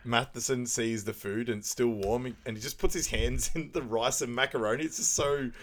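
A man's voice: medium pitch, moderate pace. A man co-hosting a podcast, recapping a movie casually, laughing as he acts out quoted lines. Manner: laughing, animated retelling of quotes. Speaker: podcast co-host.

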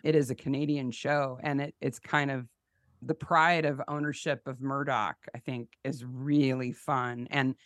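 A woman's voice: very deep voice, fairly even intonation, a little slow, dry recording. A woman guest on a podcast, chatting casually and with enthusiasm about a TV show. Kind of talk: casual chat.

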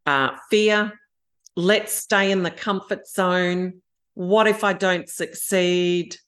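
On a podcast, a fifty-something Australian woman shares her story openly, voicing her inner thoughts as if they were characters. Her voice sits on the low side, steady and fairly bright, and she talks slowly.

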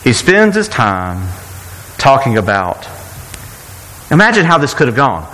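A man's voice: mid-range voice, big pitch swings, a little slow, pauses often, bright, forceful tone, big-room sound, low-quality recording. A man preaching a sermon in a conversational way, often repeating words and asking rhetorical questions. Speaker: pastor.

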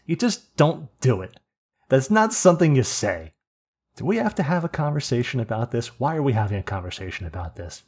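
Man, podcast co-host; lively, profane storyteller. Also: medium pitch, breathy edge. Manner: animated storyteller, swears a lot, gets worked up. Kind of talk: casual podcast chat.

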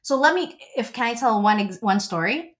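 A woman in her forties, a relationship coach, talking as a guest in a casual interview and telling stories with gushing, animated energy. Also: on the high side, normal speed.

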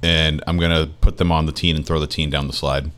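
A man playing in a tabletop role-play, describing his moves in a deadpan way with crude jokes. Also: extremely low pitch, fairly quick, clean tone. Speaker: player.

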